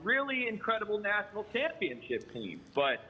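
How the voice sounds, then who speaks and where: A wry, teasing man talking sports, with a bright, forceful tone and a fairly high pitch. His voice carries a long reverb. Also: wildly swooping pitch, normal speed, slight background noise. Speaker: sports show host. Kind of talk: casual sports chat.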